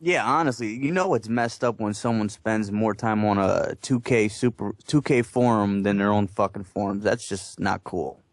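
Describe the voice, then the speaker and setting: Brief: young male panelist, mid voice, dry close recording, excitable and profane. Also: fairly low pitch, normal speed, hardly any pauses, no echo. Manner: animated, swears, stumbles when excited. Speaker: podcast panelist. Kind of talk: casual chat.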